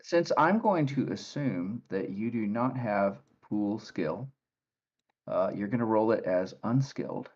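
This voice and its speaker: A man narrating as game master for a tabletop game, relaxed and halting with many fillers. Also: lowish voice, lo-fi sound.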